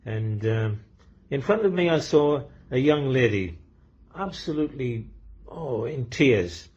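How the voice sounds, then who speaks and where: Raspy guy rambling through joke stories, lots of ums, dull lo-fi sound. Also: medium pitch. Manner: rambling anecdotal delivery with frequent ums and uhs. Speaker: comedian and poet. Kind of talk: joke telling and poetry reading. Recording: dull lo-fi recording.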